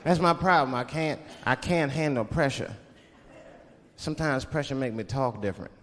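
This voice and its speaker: A comedian from Washington, D.C. does stand-up before a live audience in a large hall, telling stories in a mid-range voice at a moderate pace. He switches into put-on voices for his characters as the crowd laughs.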